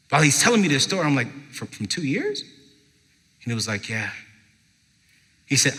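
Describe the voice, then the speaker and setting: Male stage speaker, bright and forceful, emphatic storyteller with dramatic pauses, live in a reverberant hall. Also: a little high, lively intonation. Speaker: motivational speaker at a parenting event. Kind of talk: live inspirational talk to an audience. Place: large event hall with live audience.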